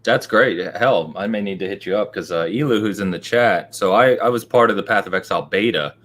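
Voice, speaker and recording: A man hosting a casual podcast, upbeat, chiming in with quick affirmations. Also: lowish voice, a bit bright. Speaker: podcast host.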